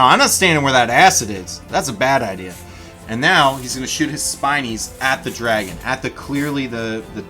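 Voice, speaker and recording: A man narrating a livestreamed tabletop battle as game master, in an animated, chatty way, talking directly to his viewers. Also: medium pitch.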